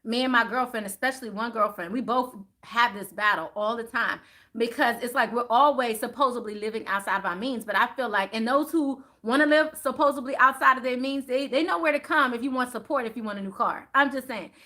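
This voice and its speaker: Animated, bright-voiced woman chatting on a live stream. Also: fairly high pitch, fairly quick. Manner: chatty and animated, rising louder on emphasis; addresses viewers as y'all. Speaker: spiritual card reader hosting a live stream. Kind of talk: casual live-stream chat.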